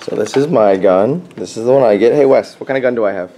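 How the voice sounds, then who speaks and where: A man's voice: medium pitch, quick pace, dark tone. A young man hosting a casual behind-the-scenes vlog, joking as he narrates. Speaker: vlogger.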